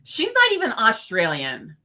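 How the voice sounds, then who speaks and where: Woman horror reviewer, casual chat, bright forceful voice, animated reactions. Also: a little high, measured pace. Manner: expressive, animated, acts out reactions. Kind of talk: casual film discussion.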